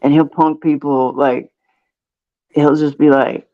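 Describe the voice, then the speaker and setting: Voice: medium pitch, moderate pace, no echo, dull audio. A podcast host in casual chat, telling stories with a laugh and acting out the people in them. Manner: animated storyteller who acts out quoted voices; laughs often.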